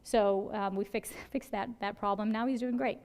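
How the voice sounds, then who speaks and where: A woman's voice: medium pitch, moderate pace. A woman emergency physician giving a conversational lecture to fellow doctors, telling stories with quoted dialogue and often checking in with "right?". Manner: conversational, peppers points with "right?"; animated storytelling with quoted dialogue. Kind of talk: conference lecture.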